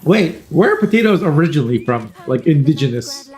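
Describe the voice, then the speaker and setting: A man casually commentating a card game tournament over a headset, joking and rambling, often clearing his throat. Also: a little high, big pitch swings, moderate pace, long pauses, a little mellow, soft background music. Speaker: tournament caster.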